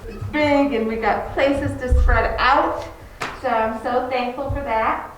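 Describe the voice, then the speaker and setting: A woman's voice: sits high, steady tone, slow pace, recorded from a distance, soft background music. A woman, a kindergarten teacher, explains her classroom to parents in a chatty, informal way with many fillers. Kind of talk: informal info-meeting talk to parents. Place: large classroom, indoors. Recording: very echoey room, voice from afar, faint noise.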